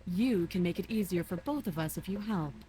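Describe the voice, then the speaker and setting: An actress voicing a chained, vengeful young princess who threatens coldly and deliberately in a video game. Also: female voice, on the low side, expressive, warm tone, a little hiss or hum, lightly acted, low-quality recording. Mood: threatening.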